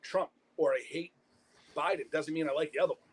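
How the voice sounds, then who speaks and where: A man co-hosting a live talk show, agreeing emphatically in quick casual chat. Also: on the high side, slightly rough.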